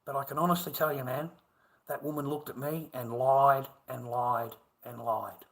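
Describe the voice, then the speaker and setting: A man's voice: medium pitch, steady tone, moderate pace, gravelly, fairly bright tone, rough recording. A middle-aged man with an Australian accent, rambling through a profane livestream monologue and calling his viewers mate.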